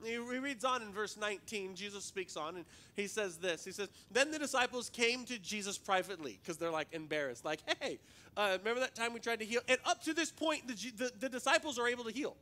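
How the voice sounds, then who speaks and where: A man's voice: high voice, expressive, fairly quick, hardly any pauses, bright, forceful tone. A male pastor preaching a sermon in a conversational, joking way, often repeating words as he goes.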